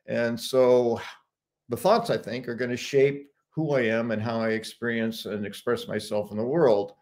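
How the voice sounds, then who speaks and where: A man's voice: mid-range voice, fairly even intonation, moderate pace, darkish tone. A man telling stories and sharing his thoughts in a casual live chat, laughing often. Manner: reflective storyteller, laughs often.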